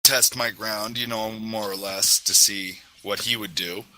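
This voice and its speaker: A male player describes his moves at a tabletop game in a rambling, casual way. His voice is low but bright and forceful, and there is faint noise in the background. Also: fairly even intonation, measured pace, low-quality recording. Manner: rambling, laughs at himself.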